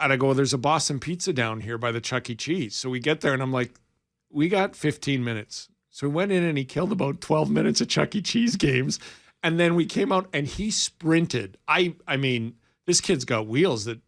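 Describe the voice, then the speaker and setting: A man in his forties from Alberta, co-hosting sports radio and telling a long story in a casual way, acting out the quotes. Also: mid-range voice. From Alberta, Canada. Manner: animated, acts out quoted dialogue.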